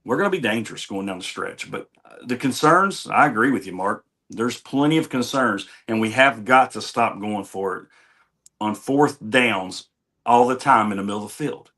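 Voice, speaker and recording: A man with a middle-pitched voice talks through his view of the team on a sports show. He sounds earnest and conversational, like a committed fan speaking plainly. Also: animated, normal speed, bright, forceful tone. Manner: earnest, conversational, fan's viewpoint. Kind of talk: sports talk opinion.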